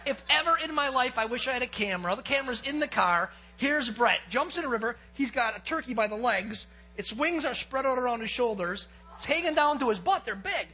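Pastor, male, high and bright voice; animated storyteller mid-sermon. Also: fairly quick, hardly any pauses, low-quality recording. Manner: lively storyteller, acts out quotes and gets excited. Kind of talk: sermon with a personal hunting story.

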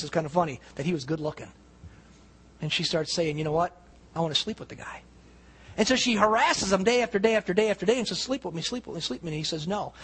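A man's voice: high-pitched, fairly bright tone, breathy edge, poor audio. A man preaching a sermon, retelling a story casually with quoted voices and many restarts. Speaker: pastor.

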